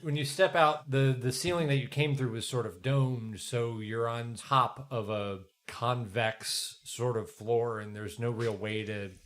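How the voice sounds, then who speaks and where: A man's voice: medium pitch, fairly even intonation, a little slow, hardly any pauses, a bit bright. A man narrating a tabletop role-playing game as game master, describing scenes in a playful, descriptive way.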